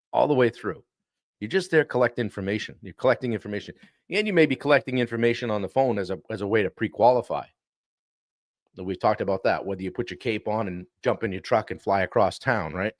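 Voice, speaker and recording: A man hosting a live-stream coaching talk, animated and often clearing his throat. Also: fairly low pitch, no echo, clean studio sound. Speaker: sales coach and show host.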